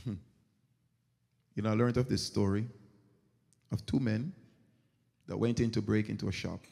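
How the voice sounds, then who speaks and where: Husky and a bit low, with vocal fry and a normal pace, this male pastor preaches by spinning lively stories and performing the characters himself. The long reverb of the church sanctuary hangs on every line.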